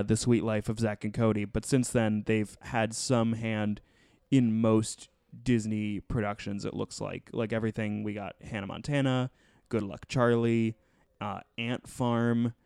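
A man's voice: fairly low pitch, flat delivery, measured pace, gravelly, a little mellow, clean tone, no room sound, clean studio sound. A man hosting a podcast, chatting casually and rambling with many fillers as he reviews a TV show. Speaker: podcast host.

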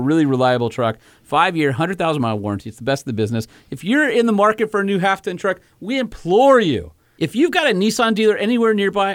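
A man's voice: a little high, no room sound, studio quality. A man co-hosting a casual podcast, joking around and reading ads in a conversational way. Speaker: podcast co-host. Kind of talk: casual chat and host-read ads.

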